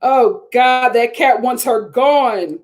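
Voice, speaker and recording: A woman with a slightly high, darkish-toned voice speaks slowly as she reviews a TV episode live. She's chatty and opinionated, laughing a lot and mimicking what people said in voices.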